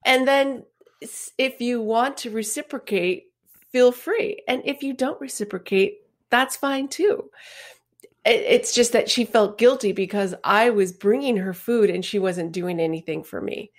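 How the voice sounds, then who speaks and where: A woman's voice: on the high side, a little slow. A woman co-hosting a podcast, chatting with humor and acting out little exchanges. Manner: chatty, humorous, acts out quotes. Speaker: podcast co-host and writer. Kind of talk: casual conversational chat.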